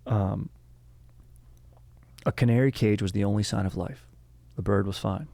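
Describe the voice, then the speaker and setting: Casting: young male podcast host, low gravelly voice, dry close mic, loose joking delivery. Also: moderate pace, dark tone, no room sound. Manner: rambling, joking, self-interrupting. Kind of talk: casual history podcast chat.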